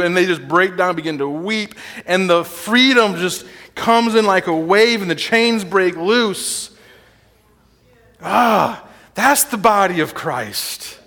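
High-voiced preacher in reverberant hall. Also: male voice, a little slow. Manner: animated, informal, laughs often. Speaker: guest preacher. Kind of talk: sermon. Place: church sanctuary.

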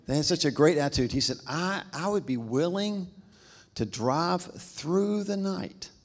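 Pastor telling a story in a reverberant hall. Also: male voice, medium pitch. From American South. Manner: storytelling, acts out quoted voices, says "y'all". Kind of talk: sermon with a personal story.

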